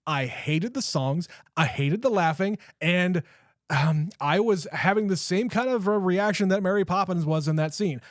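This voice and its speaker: A man's voice: high-pitched, normal speed, no room sound, clean studio sound. Blunt laid-back man on a movie podcast. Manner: relaxed, blunt, swears casually. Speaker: podcast co-host. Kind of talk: casual movie chat.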